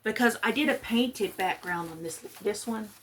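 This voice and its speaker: A woman's voice: mid-range voice, moderate pace, a bit bright, a little hiss or hum. A woman from Texas, chatting casually and rambling as she works on a craft project. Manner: chatty, rambling, self-deprecating. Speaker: crafting vlogger. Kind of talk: casual chat while crafting.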